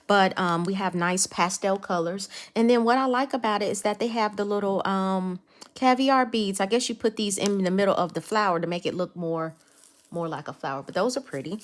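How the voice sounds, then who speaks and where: A woman chatting casually to her viewers while unboxing nail supplies. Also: fairly low pitch. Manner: chatty, talks to viewers as y'all. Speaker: nail art vlogger.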